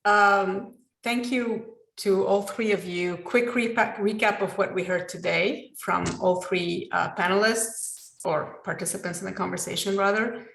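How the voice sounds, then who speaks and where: A woman with a gravelly, creaky voice gives an upbeat, brisk recap of a panel. Her voice echoes as though she is in a bare room. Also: medium pitch, steady tone, fairly bright tone. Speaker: panel moderator. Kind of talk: summarizing a panel.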